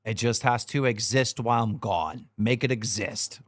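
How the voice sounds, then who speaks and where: A man's voice: mid-range voice, normal speed, no room sound, studio quality. A man hosting a livestream, talking casually in a blunt, profane, scolding way. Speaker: livestream show host.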